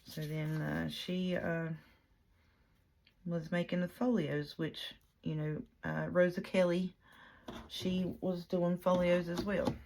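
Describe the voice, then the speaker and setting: A woman's voice: on the low side, level tone, slow pace, gravelly, a little mellow. A woman chatting casually while she works on a junk journal, rambling with many fillers and restarts. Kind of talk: casual chat while crafting.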